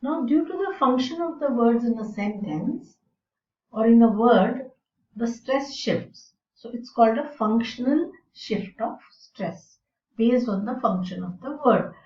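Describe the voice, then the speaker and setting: A woman teaching English in a slow, deliberate lecture, explaining with fillers. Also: on the high side, expressive. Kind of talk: recorded lecture. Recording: roomy and distant, dull sound.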